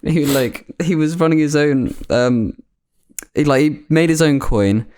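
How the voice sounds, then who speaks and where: A man's voice: a little high, unhurried, a little mellow. A man, co-hosting a casual podcast in a chatty, laid-back way. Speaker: podcast co-host. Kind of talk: casual chat.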